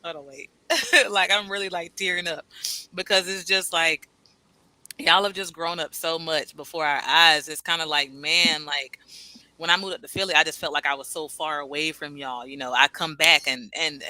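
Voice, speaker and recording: A woman hosts a casual live stream. Her voice is very bright and clear. She is animated and laughs often while reading viewers' comments aloud. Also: low voice, normal speed, no room sound, poor audio. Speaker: host.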